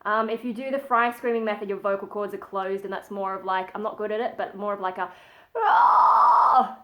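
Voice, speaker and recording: A woman's voice: medium pitch, little pitch movement, fast, fairly bright tone. A woman at home giving a casual metal vocal tutorial, chatty and modest, stopping often to show the sounds she means. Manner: chatty and modest, breaks off to demonstrate sighs and growls.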